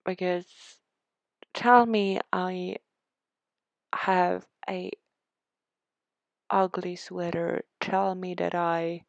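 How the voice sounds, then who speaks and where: A woman's voice: lowish voice, little pitch movement, extremely slow, creaky, long pauses, dry recording. A young Swedish woman with a Swedish accent, chatting casually and sarcastically over a game build, rambling and self-deprecating. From Sweden. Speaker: game build video creator. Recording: dull, lo-fi dry sound.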